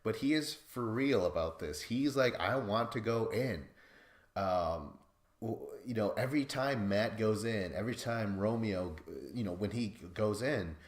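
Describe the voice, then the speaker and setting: A man's voice: fairly low pitch, measured pace, echoey room. A man hosting a podcast recap in casual, rambling chat, swearing and laughing at himself. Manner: rambling, profane, self-deprecating, laughs often. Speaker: podcast host.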